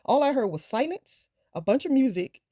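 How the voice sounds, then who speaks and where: A woman's voice: sits high, normal speed, dry recording, studio quality. A woman vlogger casually telling a storytime, acting out the people in it. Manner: animated, acts out the people in her story.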